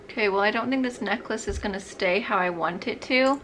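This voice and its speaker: A bubbly young woman chats casually while getting ready at home, rambling and thinking out loud. Her voice is bright and forward, with a faint room hum behind her. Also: medium pitch, fairly quick. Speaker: beauty vlogger. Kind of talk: chatty get-ready-with-me vlog.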